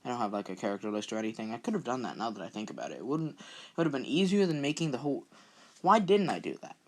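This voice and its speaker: In casual vlog commentary on his own channel, a young man rambles self-deprecatingly and keeps repeating words. He speaks fast in a mid-range voice with big pitch swings.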